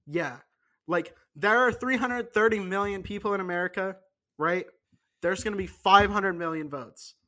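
A man with a notably high voice co-hosting a casual podcast. He rambles, jokes and restarts his sentences often, laughing along as he goes. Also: moderate pace, pushed and bright. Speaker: podcast co-host. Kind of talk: casual chat.

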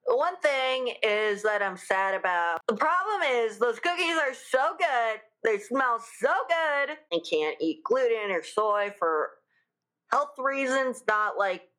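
A woman's voice: mid-range voice, animated, takes it slowly, sharp tone. A young adult woman hosting a podcast in casual, gossipy chat, with many fillers. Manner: chatty, gossipy, lots of fillers. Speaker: podcast host.

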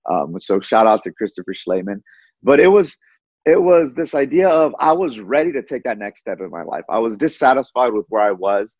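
A man tells his story with energy, tumbling through it quickly and doubling back on words. The sound is dull and lo-fi. The room gives no echo. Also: mid-range voice, slightly rough. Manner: animated, fast, repeats words. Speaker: guest. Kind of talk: casual storytelling. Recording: dull lo-fi audio.

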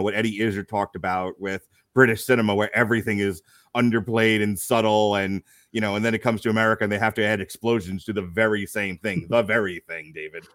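Dry-sounding low-voiced male host. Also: a bit bright, no echo. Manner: rambling, joking, teasing. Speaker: podcast host. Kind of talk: casual film review chat.

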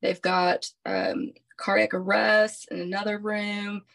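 A woman, a podcast guest, recounting a personal story in an animated, emphatic way with frequent restarts. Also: mid-range voice, slow pace, vocal fry.

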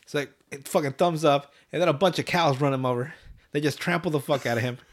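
A man's voice: a little high, a little fast. A man hosting a podcast, casually recapping a cartoon episode in a loose, profane way and laughing often. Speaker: podcast host.

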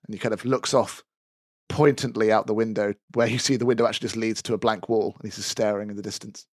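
A man's voice: fairly low pitch, fairly even intonation, fast talker, darkish tone, no room sound, studio quality. Playful male game master narrating. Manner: playful, descriptive.

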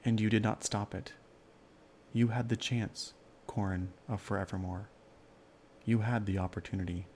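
A man voicing a wise, solemn male lion who speaks in slow, grave, measured sentences. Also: fairly low pitch, steady tone, darkish tone, slight background noise, natural voice. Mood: stern.

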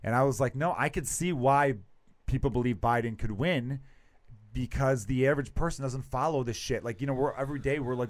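A man hosting a podcast, chatting casually with quick, profane, joking banter. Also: medium pitch, no room sound. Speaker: podcast host.

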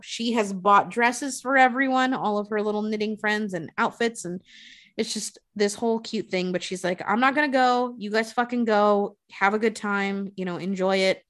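A woman casually retelling a movie plot with frequent swearing, acting out the characters' lines. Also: mid-range voice. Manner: profane, animated retelling with quoted voices.

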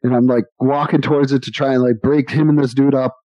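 A man's voice: mid-range voice, level tone, fast talker, warm tone, no echo. A man in his forties on a podcast, telling rambling stories with frequent laughs. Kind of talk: casual storytelling. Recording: dull lo-fi dry recording.

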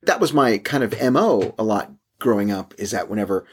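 A man co-hosting a relaxed relationship podcast with his partner, joking and laughing often. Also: on the low side, brisk, a little hiss or hum. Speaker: podcast co-host. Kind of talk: casual couple's chat.

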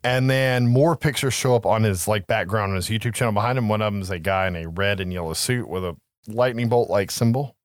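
A man co-hosting a podcast, recapping a horror film in a lively, profane, casual way. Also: lowish voice, fairly quick, no room sound, clean studio sound. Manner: animated, profane storytelling. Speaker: podcast co-host.

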